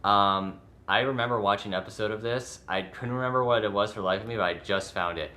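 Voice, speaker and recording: A man's voice: lowish voice, fast, sharp tone. A man co-hosting a podcast in casual chat, rambling a bit as he reads out a show premise. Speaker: podcast co-host.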